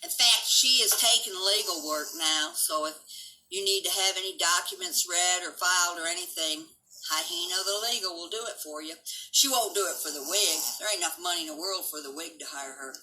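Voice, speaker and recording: A woman's voice: fairly low pitch, normal speed, sharp tone, a little hiss or hum, rough recording. An older woman hosting a casual live stream, talking bluntly and profanely about online gossip and greeting viewers. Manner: coos baby talk at her dog.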